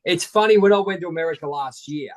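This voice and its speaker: A man's voice: fairly high pitch, quick pace, no echo, poor audio. An Australian man hosting a casual interview, chatty and full of travel anecdotes. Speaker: host.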